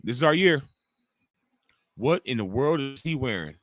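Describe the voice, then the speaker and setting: A man's voice: mid-range voice, expressive, moderate pace, no echo. A young man hosting a live watch-along stream, joking loosely and talking to chat viewers by name. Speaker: livestream host.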